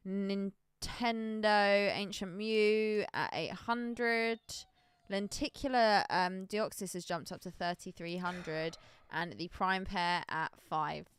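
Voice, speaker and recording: A woman's voice: mid-range voice, steady tone, slow pace, smooth. A woman hosting a casual livestream, laughing often and reading out auction prices. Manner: giggly, playful, reads out prices. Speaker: host.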